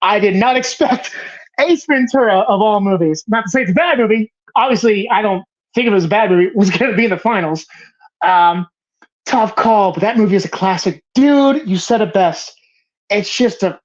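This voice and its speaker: A woman hosts a casual film show, gushing and cursing as her thoughts tumble out in restarts. Her pitch sits in an ordinary middle range. The recording has a slightly muffled, lo-fi quality. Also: expressive, normal speed. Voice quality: emphatic, profane, rambling with restarts. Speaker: host of a movie bracket show. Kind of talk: casual, passionate film talk. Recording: slightly dull lo-fi sound.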